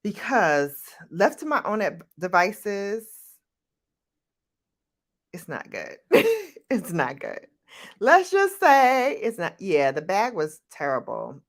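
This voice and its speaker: A middle-aged woman vlogger chatting casually with viewers, animated and laughing as she tells stories. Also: slow, long pauses. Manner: animated, laughing, jumps into high-pitched quoted voices. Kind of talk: casual chat answering viewer questions.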